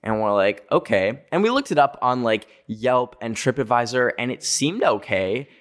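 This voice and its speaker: A young man from North America telling a travel story in a chatty way, with lots of "like" fillers and quick self-corrections. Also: mid-range voice, expressive, a bit bright. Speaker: vlogger. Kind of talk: casual storytelling.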